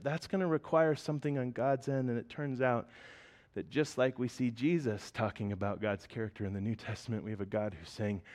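A young adult man, a pastor, preaching a sermon in an earnest way, swelling to loud emphatic peaks and then dropping back soft. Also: mid-range voice.

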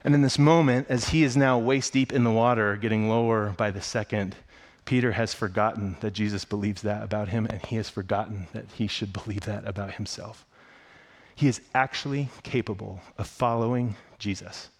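A man preaching a sermon. He tells the story with excitement and acts out the characters' lines in a higher voice. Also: normal speed. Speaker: pastor.

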